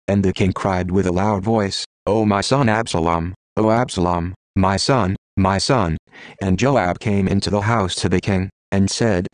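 A man giving a steady, measured audiobook reading of archaic scripture. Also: sits low, no echo. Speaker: scripture reader.

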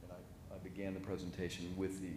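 A man presenting a site plan at a city review meeting, halting with many fillers and restarts. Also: sits low, monotone, noisy background. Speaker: project presenter. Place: city meeting, remote or chamber.

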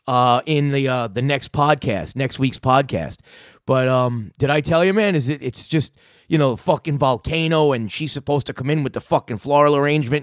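A man's voice: mid-range voice, dry recording, clean studio sound. A man hosting a podcast, rambling and swearing as he chats casually. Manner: rambling, profane, laughing. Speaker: host.

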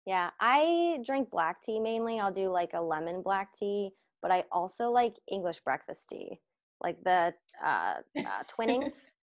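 A woman's voice: medium pitch, big pitch swings, measured pace. A woman hosting a podcast, chatty and friendly, with many fillers. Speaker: podcast host. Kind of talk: casual interview chat.

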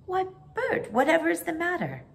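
A woman voicing a prim, proper young nanny with crisp, genteel exclamations in a storybook reading. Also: low voice, huge pitch swings, slow pace, fairly bright tone, exaggerated voice. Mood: surprised.

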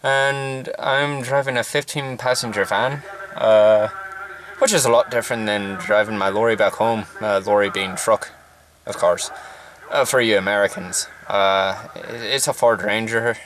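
A man's voice: fairly low pitch, steady tone, measured pace, a bit bright, a little hiss or hum. A man putting on a playful Irish accent as a young soldier, sitting in a parked van. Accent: put-on Irish. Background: distant rifle fire.

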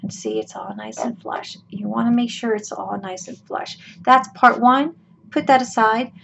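A woman's voice: a little high, fairly bright tone. A woman hosting a craft tutorial, talking casually through each step with her voice worn out, chatty and folksy with lots of ums and okays. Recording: dull lo-fi with clear room noise.

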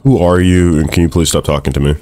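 A young man casually commentating his own gameplay, excitable and swearing at the screen. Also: sits low, fast. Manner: excitable, swears and laughs often, talks to the screen. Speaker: gaming streamer. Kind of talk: let's play commentary.

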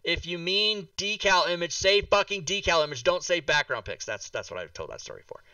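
A man's voice: high voice, expressive, a little fast, bright, forceful tone, clean tone, dry recording, recorded from a distance, highs cut off. A man hosting a casual talk show livestream, exasperated and swearing, with many restarts.

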